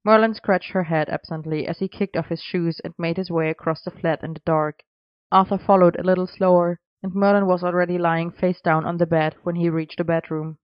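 A reader narrates a story evenly and with measure. The voice is smooth and clear, close to the mic. The recording is dry and a little dull. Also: mid-range voice, fairly even intonation, fairly quick, dry recording. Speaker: audiobook reader.

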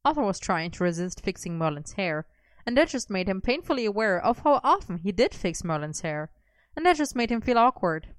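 Woman narrating a funny story, wry tone, smooth clear voice, dry close sound. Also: mid-range voice, sing-song, brisk, no room sound. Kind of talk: reading a fan fiction story aloud.

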